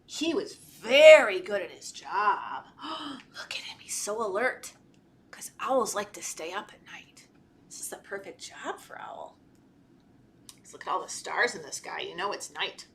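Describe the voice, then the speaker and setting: A woman children's librarian reading a picture book aloud to toddlers, animated and playful, gasping and talking to the children. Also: medium pitch, unhurried, slight background noise. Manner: animated, talks to children, gasps and laughs. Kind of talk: storytime read-aloud. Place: library storytime video.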